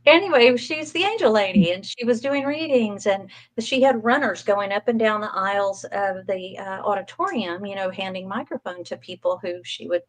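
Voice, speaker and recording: A woman's voice: mid-range voice, animated, moderate pace, few pauses, rough recording. A woman, a guest in an interview, telling a personal story in a chatty way with frequent ums and light laughs. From Texas coast, USA. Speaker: interview guest, psychic medium.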